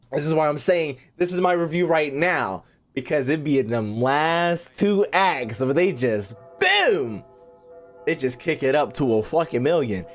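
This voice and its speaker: Animated, cussing young gaming YouTuber man. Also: on the high side. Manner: animated, profane, repeats himself a lot. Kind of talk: casual ranting commentary.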